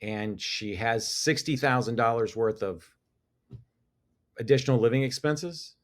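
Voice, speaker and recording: A middle-aged man talks as a guest in a casual podcast conversation. His voice sits at an ordinary pitch, and he is talkative and laughs easily. He often stops and restarts his sentences as he thinks aloud. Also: unhurried. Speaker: business owner guest.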